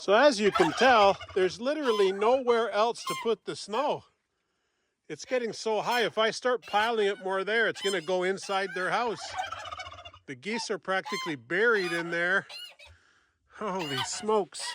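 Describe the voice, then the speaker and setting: A man's voice: high voice, unhurried, noisy background. A man vlogging casually while walking around his farm, chatting to the camera and to his animals outdoors. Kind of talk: casual walk-and-talk vlog. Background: turkeys gobbling and poultry sounds.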